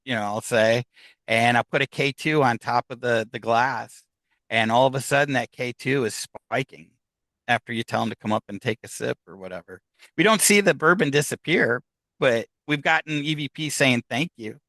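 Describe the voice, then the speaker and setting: A man's voice: medium pitch, sharp tone, dry recording. A man who investigates the paranormal, chatting casually in an interview, rambling with many restarts and fillers. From United States.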